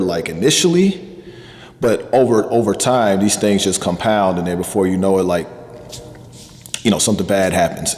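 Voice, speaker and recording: A man's voice: fairly low pitch, a little mellow, long reverb tail. A man giving a motivational self-improvement talk in an earnest coaching manner, with many fillers and repeated points.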